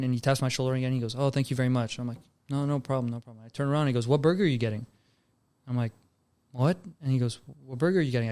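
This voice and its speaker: A young man from Canada talks fast in a smooth, clear voice. He spins a story like a podcast guest chatting with friends and tosses in "bro" and "dude" easily. His pitch sits in the middle. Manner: laid-back, calls people bro and dude. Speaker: guest filmmaker. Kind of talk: casual storytelling chat.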